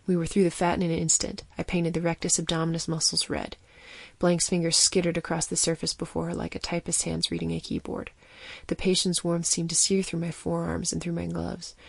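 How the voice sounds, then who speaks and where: A woman giving steady, vivid scripted narration of a fiction story. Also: on the low side, fairly quick, vocal fry, husky, no room sound.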